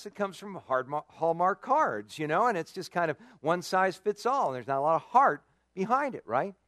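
A male pastor gives a folksy, chatty sermon in a fairly high voice that swings widely up and down. He leans on rhetorical questions and casual asides, and the recording is dry and close. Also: no room sound. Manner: conversational, folksy and animated, with many "you know"s and rhetorical questions.

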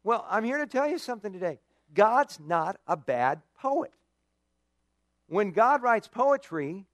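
A male pastor gives a folksy, chatty sermon in a fairly high voice that swings widely up and down. He leans on rhetorical questions and casual asides, and the recording is dry and close. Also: no room sound. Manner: conversational, folksy and animated, with many "you know"s and rhetorical questions.

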